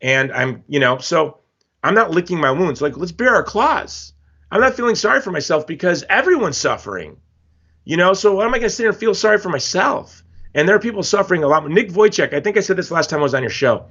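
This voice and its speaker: A man from Hawaii, a guest in a casual interview, talking in an emphatic, animated storytelling way. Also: high-pitched, fast, breathy edge. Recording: slightly dull lo-fi audio.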